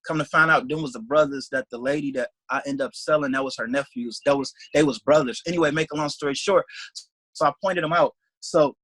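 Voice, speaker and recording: A young man rattles through a story at high speed, his voice bright and forward with a husky edge. He rambles and leans on "like", slipping into the voices of the people he quotes. The sound is dry and close. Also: brisk, no echo, low-quality recording. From Detroit, USA. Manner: rambling, animated, heavy use of "like", acts out quoted speech. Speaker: interview guest, salesman. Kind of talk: casual storytelling in an interview.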